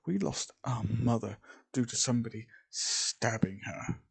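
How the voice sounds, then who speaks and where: A woman's voice: a bass voice, expressive, a little slow, vocal fry, slightly rough, heavily acted. A man voicing a fierce, grieving young woman warrior in an amateur storytelling video, speaking bluntly and indignantly.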